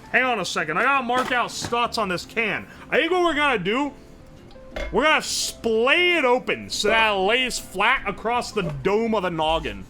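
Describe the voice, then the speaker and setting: Loud, high, bright-voiced young man streaming. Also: lively intonation, moderate pace, soft background music. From West Virginia. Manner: loud, profane, joking, yells a lot. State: sore throat from streaming. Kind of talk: casual livestream chat reading chat.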